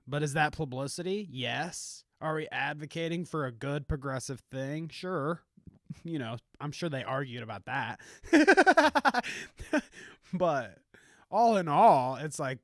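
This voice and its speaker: A man's voice: a little high, expressive, takes it slowly, dry recording, studio quality. A man hosting a live morning talk show, chatting casually and rambling with fillers. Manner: laid-back, rambling, with filler words. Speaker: host.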